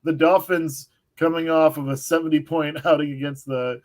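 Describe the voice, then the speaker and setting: A man on a casual sports podcast panel, halting and restarting his questions. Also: fairly high pitch, little pitch movement, a little mellow.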